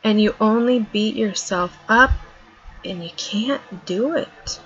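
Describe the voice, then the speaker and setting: A middle-aged woman vlogger gives an earnest, emphatic motivational talk, repeating her points for stress. Her medium-pitched voice is slow, a bit bright and slightly rough, on a dull lo-fi recording.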